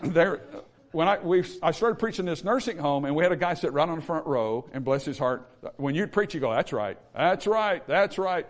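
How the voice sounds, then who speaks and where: A man's voice: a little high, fairly quick. A male pastor preaching a sermon in an emphatic, repetitive way, with humorous asides.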